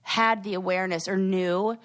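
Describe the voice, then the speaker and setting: A woman co-hosting a podcast, her voice sitting at an ordinary middle pitch. She talks in a casual, animated way, getting fired up as she goes and acting out her own sharp retorts. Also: normal speed. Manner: animated, worked up, acts out quoted retorts. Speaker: podcast co-host. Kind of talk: casual chat.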